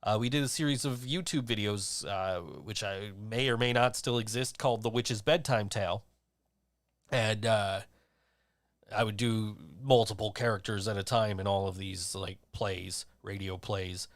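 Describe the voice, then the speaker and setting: A man's voice: on the low side, steady tone, moderate pace, no room sound, studio quality. A man hosting a podcast in casual chat, rambling and swearing, laughing often. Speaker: podcast host.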